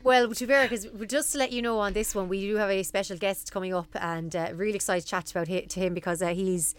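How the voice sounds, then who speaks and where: A woman's voice: mid-range voice, steady tone, quick pace, clear, resonant tone. A young Irish woman co-hosting a podcast, chatting casually and rambling with lots of fillers and restarts. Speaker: podcast co-host. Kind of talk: casual chat.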